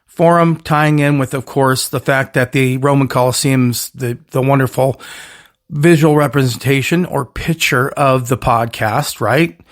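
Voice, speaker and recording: A man's voice: medium pitch, steady tone, unhurried. Rambling, emphatic man hosting a podcast. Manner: rambling, emphatic, self-correcting, punchy catchphrases. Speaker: podcast host. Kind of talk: solo podcast monologue.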